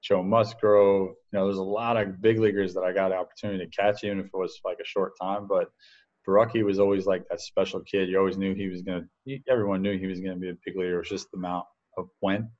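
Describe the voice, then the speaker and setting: A man's voice: deep voice, flat delivery, quick pace, darkish tone, muffled recording. A man, a baseball coach, chatting as a guest on an interview podcast, rambling with lots of fillers and restarts. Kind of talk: casual interview storytelling.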